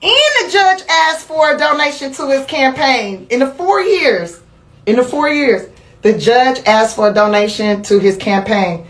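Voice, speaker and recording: Animated, profane woman in an echoey room. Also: sits high, a little slow. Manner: animated, profane, laughs through her story. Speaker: interview guest. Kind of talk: candid storytelling chat.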